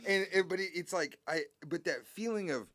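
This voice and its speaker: A man's voice: high-pitched, fairly quick, a bit bright, dry recording. A man talking as a guest musician in a casual interview, rambling and heartfelt, with many restarts and swearing.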